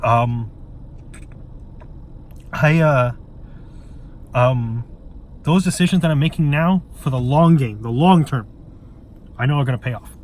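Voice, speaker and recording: A man's voice: medium pitch, a little slow, long pauses, darkish tone, slight background noise. A man in an emotional monologue straight to camera, earnest and pleading, stumbling and repeating words and swearing bluntly. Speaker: vlogger.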